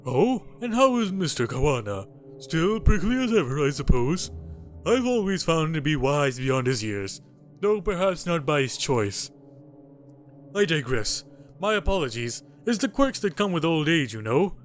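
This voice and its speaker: A man's voice: on the high side, big pitch swings. A man doing a rambling old historian. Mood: courteous. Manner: slow, formal and digressive. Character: courteous old male historian, rambling, wise. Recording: faint game music under voice.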